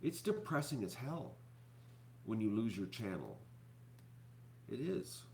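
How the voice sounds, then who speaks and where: Halting, downcast man, lively pitch. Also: vocal fry, slight background noise. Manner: halting, repeats words, many fillers. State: depressed and upset. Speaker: YouTuber host. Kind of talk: rambling live-stream talk to viewers.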